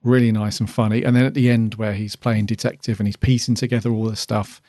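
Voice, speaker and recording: A man's voice: on the low side, flat delivery, fast, dark tone, no echo, clean studio sound. A man co-hosting a podcast, chatting casually and rambling with lots of ums while reviewing an episode. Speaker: podcast co-host.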